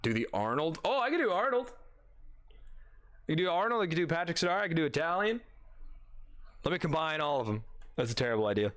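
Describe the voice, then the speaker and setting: A man's voice: fairly high pitch, very animated, quick pace, long pauses, a bit bright. A man casually commenting on a game he is playing for the first time, goofy and swearing freely. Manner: goofy, swearing, laughing, restless. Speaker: gaming video host.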